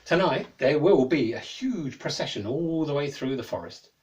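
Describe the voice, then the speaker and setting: Narrator voicing an earnest enchanted young man, low-key and deliberate, lively in pitch, a little distant. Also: natural voice. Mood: grave.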